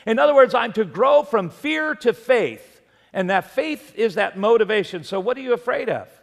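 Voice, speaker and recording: Male pastor, high and gravelly voice, chatty sermon full of jokey anecdotes, long church reverb. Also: expressive, moderate pace. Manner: conversational preaching with humorous anecdotes.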